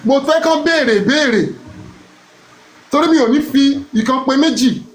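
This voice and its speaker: A middle-aged Nigerian man speaking rapidly and emphatically as a guest in a live online session. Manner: rapid, emphatic, high-pitched. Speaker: guest answering questions. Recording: roomy echo.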